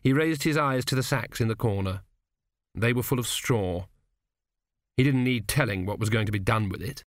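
A man reading a comic novel aloud as an audiobook narrator, in a measured, dry storytelling manner. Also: mid-range voice, no echo.

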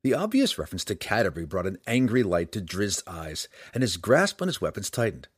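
A man narrates a fantasy tale with dramatic, expressive delivery, his low voice rising and falling widely across each sentence. The recording is close and dry, with no room sound around him. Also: brisk, breathy edge, no echo. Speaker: audiobook narrator.

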